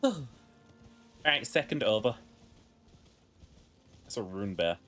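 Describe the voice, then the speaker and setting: A man's voice: fairly low pitch, big pitch swings, slow, bright, forceful tone. A man streaming a video game, joking crudely and chatting with his viewers. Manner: crude, joking, talks to chat. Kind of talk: casual gameplay commentary.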